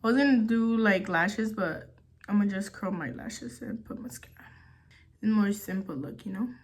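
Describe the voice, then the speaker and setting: A woman's voice: medium pitch, animated, moderate pace. Chatty young woman vlogger. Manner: chatty, filler-heavy, swears casually. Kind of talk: casual storytelling while doing makeup.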